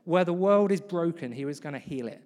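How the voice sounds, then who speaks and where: A man's voice: a little high, animated, brisk, darkish tone. Preacher, man, chatty sermon with acted-out quotes, long church echo. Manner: conversational, acts out quoted voices. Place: church hall.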